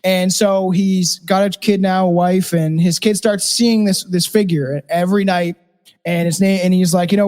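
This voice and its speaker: A man's voice: high-pitched, steady tone, moderate pace, a little mellow. A man co-hosting a podcast, talking casually and swearing freely, telling a story in long runs of "he's like". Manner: swears freely, tells stories with lots of "he's like". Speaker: podcast co-host.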